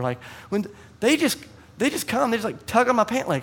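A man in his thirties preaching a sermon, telling stories and acting out voices in a conversational, animated way. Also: high-pitched, moderate pace. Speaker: pastor. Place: church.

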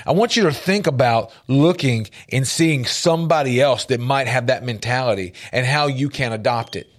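A man's voice: medium pitch, moderate pace. Earnest male radio host giving a pep talk. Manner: earnest, emphatic, repeats key phrases for effect. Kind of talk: motivational faith-based radio talk. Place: radio studio with a large window.

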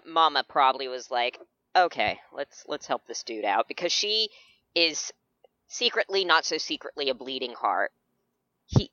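Woman player, calm casual chat, crisp bright voice, dry muffled mic. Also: sits low, no room sound. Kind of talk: casual tabletop role-play chat.

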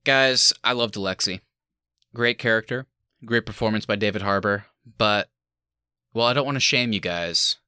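A man's voice: on the low side, normal speed, pushed and bright, clean tone, no room sound, studio quality. A man co-hosting a movie review podcast in casual chat, with sarcastic mock speeches and frequent laughter. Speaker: podcast co-host.

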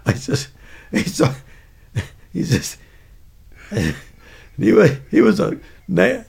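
A man's voice: high-pitched, sing-song, slow pace, creaky, pauses often, darkish tone, husky. An older man casually telling a rambling, chuckling anecdote from his army days. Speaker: veteran storyteller.

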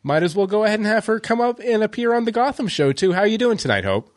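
Male podcast host, playful, chatty, very expressive high voice. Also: fast talker. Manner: chatty, full of fillers and restarts, playful. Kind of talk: casual podcast chat.

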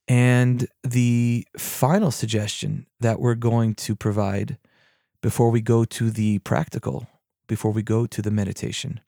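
A man hosting a podcast on mindful listening, calm and unhurried with self-mocking humor, who moves into guiding a meditation. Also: medium pitch, creaky, no echo, clean studio sound. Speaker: podcast host and meditation teacher. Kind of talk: reflective podcast talk and guided meditation.

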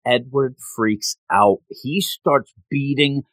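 A man's voice: mid-range voice, takes it slowly, a bit bright, no echo. A man in casual chat, animatedly retelling a story and jumping his voice up when quoting characters.

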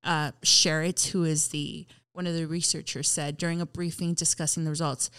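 A woman's voice: low voice, little pitch movement, moderate pace, few pauses, a bit bright, clean tone, dry recording. Playful woman co-host, dry close mic. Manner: playful, reads research findings aloud. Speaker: podcast co-host. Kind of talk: casual chat.

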